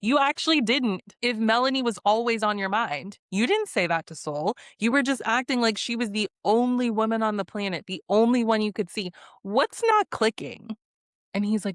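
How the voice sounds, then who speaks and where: A woman giving a casual recap of a reality dating show, exasperated and animated, swearing and laughing as she quotes the cast. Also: mid-range voice, moderate pace, dry recording, clean studio sound.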